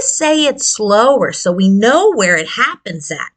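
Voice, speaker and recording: A woman's voice: medium pitch, very animated, unhurried, hardly any pauses, a bit bright. A woman speech therapist giving a children's lesson on speech sounds with puppets, encouraging and exaggerated in her delivery. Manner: encouraging, sing-song and exaggerated. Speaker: speech-language pathologist.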